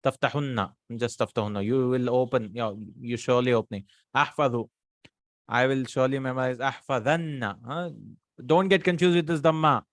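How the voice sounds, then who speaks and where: This Arabic grammar lesson comes from a man with a steady, mid-range voice who moves briskly through exercises. He patiently says each word form aloud and poses and answers his own questions, all in clean, echo-free studio sound.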